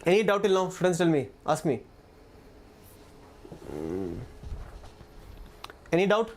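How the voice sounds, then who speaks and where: A woman's voice: fairly low pitch, sing-song, takes it slowly, darkish tone, slight background noise. Breathless Indian woman teaching biology. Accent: Indian English. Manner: repeats key phrases, quizzes the chat. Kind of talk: live online exam-prep lesson.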